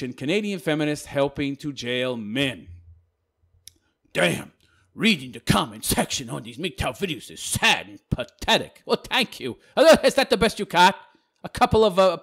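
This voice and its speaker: A man ranting casually to camera as a video commentator, talking fast in a mocking, sarcastic way. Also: on the high side, fairly bright tone.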